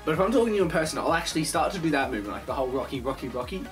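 A young man rattles through a casual bedroom vlog at a very fast clip, his voice sitting a little high. He swears freely and slips into little acted phone voices as he goes. Faint music plays underneath. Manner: animated, swears a lot, acts out phone voices. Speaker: vlogger. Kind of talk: casual rambling monologue.

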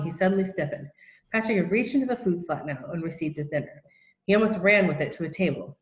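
A woman reads a children's novel aloud in a steady, plain storytelling manner. Her voice sits on the lower side for a woman. The reading has a roomy echo around it. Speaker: narrator.

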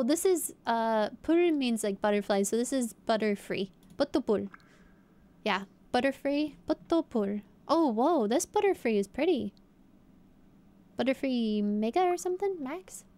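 A young woman streaming, chatting playfully with her viewers as she guesses aloud. Her voice sits a little high, and she keeps it casual and upbeat. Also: mellow. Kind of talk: casual live-stream chat.

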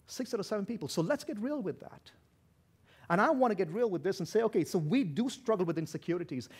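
A pastor preaching a sermon with a non-native accent, loud and passionate, swinging from shouts to hushed asides. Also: male voice, high-pitched, animated, fast talker, husky. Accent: non-native English accent.

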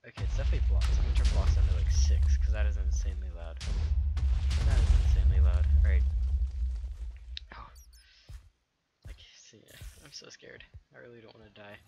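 A young man giving jokey live game commentary with loud outbursts, recorded at a home gaming setup. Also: sits low, brisk, long pauses, heavy background noise. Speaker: gaming YouTuber.

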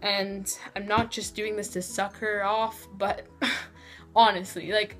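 A woman talking straight to camera in a casual vlog, gushing and rambling, filling every pause with "like" and "so". Her pitch sits in a middle range. A little music plays faintly behind her. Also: flat delivery, fairly bright tone. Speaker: vlogger.

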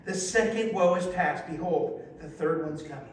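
A man with a high, bright-pitched voice preaches in a very echoey church sanctuary, heard from a distance. He reads scripture aloud and keeps breaking off to lead the congregation in call-and-response. His delivery is lively and exclamatory, with teasing asides to the room. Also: moderate pace. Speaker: pastor. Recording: very echoey hall, voice from afar, faint hiss.

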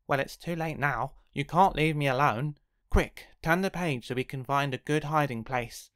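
A woman reading a children's picture book aloud in a theatrical way, swinging between hushed pleading and frightened yelps. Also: low voice, animated, unhurried. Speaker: storybook reader.

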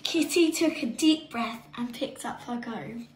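A woman reading a picture book aloud in an expressive manner. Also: fairly high pitch, a little slow, poor audio. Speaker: storybook reader.

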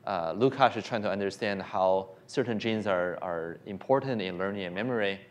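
A man's voice: lowish voice, normal speed. A man giving a science lecture and answering questions, hesitant with frequent fillers and restarts. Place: lecture hall.

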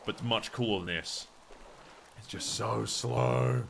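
A man's voice: medium pitch, steady tone, measured pace, creaky, background noise. A young Australian man chatting casually and swearing while he plays a game and answers viewers. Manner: chatty, swears, reads chat aloud. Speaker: gaming streamer. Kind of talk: casual gameplay commentary.

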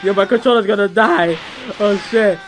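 Hyped high-voiced man trash-talking a game. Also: moderate pace, a little hiss or hum. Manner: hyped, profane trash talk; yells at the screen. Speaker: gamer. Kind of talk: let's play commentary.

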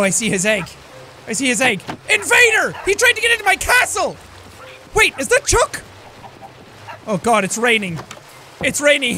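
A man giving excitable let's play commentary, swinging from yelling outbursts to low mutters. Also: a little hiss or hum. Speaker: gameplay commentator.

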